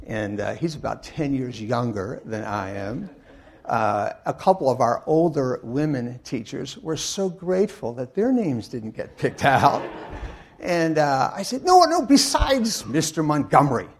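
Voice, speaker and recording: An older man giving a sermon in a church, telling wry stories in a halting way full of uh and restarts. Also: medium pitch, lively intonation. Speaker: guest speaker and Bible teacher. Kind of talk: anecdotal sermon talk.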